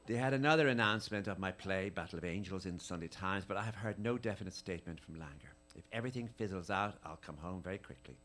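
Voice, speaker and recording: A man giving a dramatic reading of letters at a live tribute event, with an intimate, measured, lingering delivery. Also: sits low, expressive, fairly bright tone, slight background noise.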